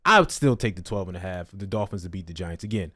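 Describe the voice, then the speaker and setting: A man's voice: low voice, expressive, fast, sharp tone, no room sound, clean studio sound. A man hosting a casual sports betting chat, laughing often and moving the panel along.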